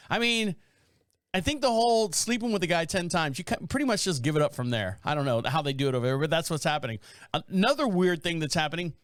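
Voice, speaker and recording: Guy with a high-ish voice riffing on news for his podcast, dry close sound. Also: fairly bright tone, no echo. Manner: rambling, jokey, reads news aloud. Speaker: podcast host. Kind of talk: casual podcast monologue.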